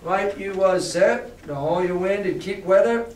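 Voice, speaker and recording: A man's voice: high voice, a little slow, recorded from a distance, a little hiss or hum, voice pushed up. Brief: sly, hearty old pirate cook, a man reading it aloud, slightly raised voice, echoey room. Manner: drawling old sailor talk, hearty. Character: old one-legged male pirate cook, sly and friendly. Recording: roomy classroom echo from afar.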